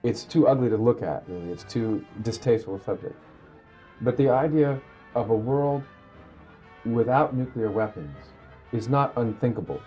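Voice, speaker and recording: A man in his thirties, an actor, speaking thoughtfully in an interview, pausing and restarting his phrases. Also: medium pitch, animated, dark tone, soft background music. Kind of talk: sit-down interview.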